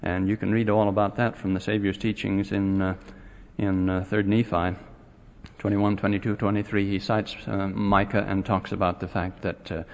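Man lecturing on scripture in a reverberant hall. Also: fairly low pitch. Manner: halting, many filler pauses, grows animated when retelling stories. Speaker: scripture teacher.

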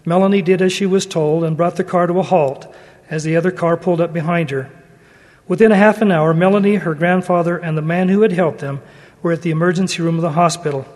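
With a steady, slightly mellow tone that's notably high for a man, a religious speaker delivers an earnest, measured sermon featuring a read-aloud story. The long reverb of a large hall lingers after each phrase.

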